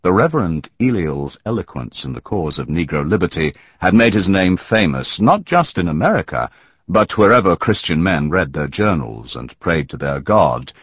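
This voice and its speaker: A man narrating a historical novel audiobook in a measured, dramatic storytelling manner. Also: low voice, very animated, husky, no echo, lo-fi sound.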